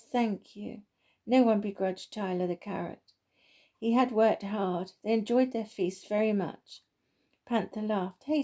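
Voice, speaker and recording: A woman reading a children's story aloud in a gentle, homely way. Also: medium pitch.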